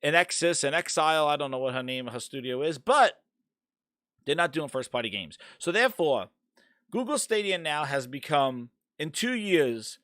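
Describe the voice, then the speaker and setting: A man's voice: on the high side, sing-song, moderate pace, fairly bright tone, no echo, clean studio sound. Ranting, profane man hosting a gaming show. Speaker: podcast host. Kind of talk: casual gaming chat.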